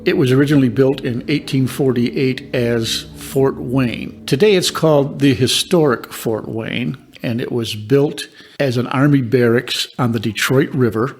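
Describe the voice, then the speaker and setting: Older guy, a reverend, slowly telling ghost stories, calm and measured. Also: mid-range voice, husky, soft background music. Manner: calm, measured storytelling with dramatic pauses. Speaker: paranormal investigator and reverend. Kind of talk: storytelling.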